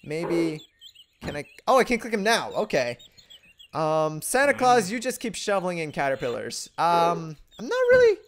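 A man's voice: a little high, moderate pace, a little hiss or hum. A young man hosting a let's play, reacting animatedly and goofily, often laughing as he clicks through a game. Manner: animated and goofy, often laughing and doing silly voices for characters. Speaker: gaming video host.

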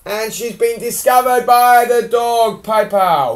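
A woman reading a picture book aloud to a child at home, animated and asking questions along the way. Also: fairly high pitch, takes it slowly.

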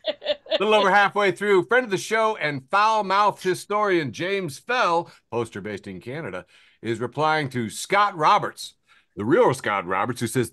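Lively man hosting a podcast. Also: sits high, normal speed, dry recording, clean studio sound. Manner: chuckles between readings. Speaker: podcast host. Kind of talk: casual chat reading social media posts aloud.

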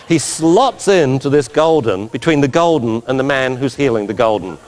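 A man giving an animated talk as a dog trainer, telling stories with laughter and mimicked sounds. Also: medium pitch, moderate pace, few pauses, big-room sound, slight background noise. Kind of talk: animated anecdotal lecture.

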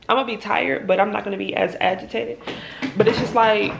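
A young woman talks straight to her phone, worn out and venting. Her voice has a gravelly fry, and a steady hiss of noise sits under the phone recording. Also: medium pitch, brisk. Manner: tired, venting and exasperated. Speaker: vlogger and hairstylist. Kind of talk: casual vlog talk. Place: in a car, then at home.

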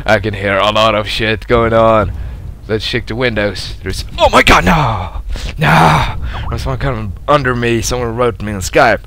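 A young man giving live commentary over a shooter game, excitable and foul-mouthed, laughing at his own blunders. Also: measured pace, creaky, a little hiss or hum. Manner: excitable, swears a lot, laughs at himself, swings from loud yelps to low mutters. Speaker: gameplay commentator.

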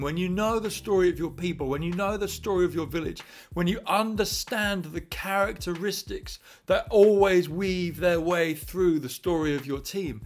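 Brief: man storyteller, slightly high voice, animated, dynamic delivery. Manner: animated, swings between quiet and loud. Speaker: church leader. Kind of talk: retelling a Bible story.

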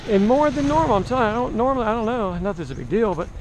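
Pedaling outdoors, this Southern travel vlogger with a mild accent talks to the camera in a chatty, wandering way, often making himself the joke. He speaks in a high voice with big pitch swings at a racing pace, over slight background noise.

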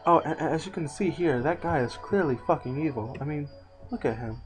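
A man's voice: a little high, big pitch swings, moderate pace, soft background music, rough recording. A man hosting a let's play, giving casual, sarcastic gameplay commentary and swearing freely.

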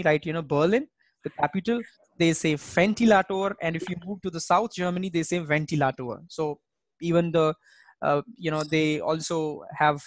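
Teaching German online via video call, an instructor with a mid-range voice patiently drills the pronunciation of every word, saying each one again. There is no room sound.

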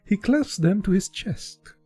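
A man's voice: high-pitched, animated, a little slow, warm tone, no echo, soft background music. A man from Eastern Europe doing a casual, unpolished live reading of a book, with slips and restarts. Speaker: audiobook reader.

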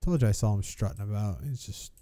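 Mellow-voiced man narrating his gameplay. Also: fairly low pitch, quick pace, no echo. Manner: playful, chuckling, self-narrating. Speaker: gamer, video host. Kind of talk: casual gameplay commentary.

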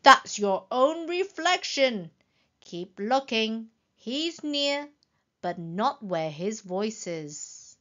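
A woman voicing a cheerful, clever male elephant who explains things brightly and patiently. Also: fairly high pitch, big pitch swings, extremely slow, dull audio, heavily acted.

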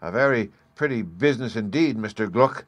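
A man voicing a greedy, harsh grown brother who snaps loudly and bullies. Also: lowish voice, animated, a little fast, dry recording, natural voice. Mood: scolding. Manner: loud, snapping, bullying.

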